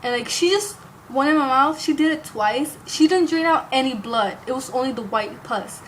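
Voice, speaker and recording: A woman's voice: high voice, moderate pace, a bit bright, slight background noise, low-quality recording. A young woman telling a story to camera in a casual, rambling way, filling her talk with "like" and the odd curse word. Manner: rambling, heavy use of "like", occasional cursing. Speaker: vlogger.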